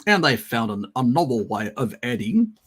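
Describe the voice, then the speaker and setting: A man's voice: mid-range voice, big pitch swings, normal speed, fairly bright tone, slightly rough. A man hosting a casual live stream, answering viewer questions in a sarcastic, mocking way and often laughing.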